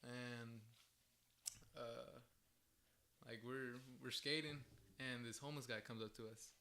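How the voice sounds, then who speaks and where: A man's voice: medium pitch, fairly even intonation, slow, pushed and bright, slight background noise. A young man telling a story in a casual podcast chat, rambling with lots of "like" and frequent laughter. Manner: rambling, heavy use of "like", laughs often.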